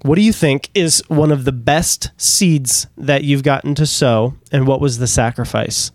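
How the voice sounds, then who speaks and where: A man co-hosting a casual faith podcast, talking in a quick, rambling way and telling stories with animation. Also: mid-range voice, no room sound, studio quality. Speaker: podcast co-host.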